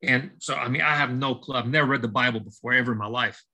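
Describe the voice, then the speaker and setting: Quick-paced and mid-range with a breathy edge, a man's voice comes across a rough recording. The speaker, a middle-aged baseball coach, tells his life story on a podcast like storytelling testimony, acting out the dialogue animatedly and restarting frequently.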